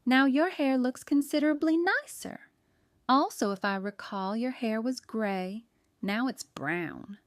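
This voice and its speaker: A woman doing a firm, measured detective. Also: fairly high pitch, expressive, dry recording, clean studio sound, pitched above the performer's own voice. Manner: measured and pointed. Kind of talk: audiobook character reading.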